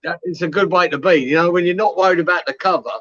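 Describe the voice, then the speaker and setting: Man, casual chat, relaxed, reflective, high voice, muffled. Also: quick pace, dry recording.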